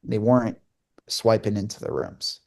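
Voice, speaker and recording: This young podcast co-host, also a hockey broadcaster, has a fairly low, slightly mellow voice with vocal fry, a steady tone, and a moderate pace. He tells a casual story loosely, full of fillers and restarts, voicing the dialogue himself.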